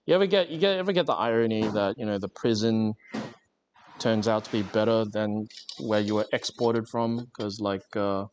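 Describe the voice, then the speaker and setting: A man's voice: on the low side, normal speed, darkish tone, dull audio, slight background noise. A man livestreaming while he crafts, chatting casually with viewers in a rambling, joking way with lots of fillers. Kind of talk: casual live-stream chat while crafting.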